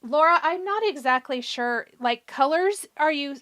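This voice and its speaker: A woman hosting a live craft tutorial, chatty and encouraging, talking through each step and answering viewers' comments, her voice a little hoarse. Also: high-pitched, expressive, measured pace, fairly bright tone. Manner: chatty, encouraging, thinks aloud while working. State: a bit hoarse. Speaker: craft show host.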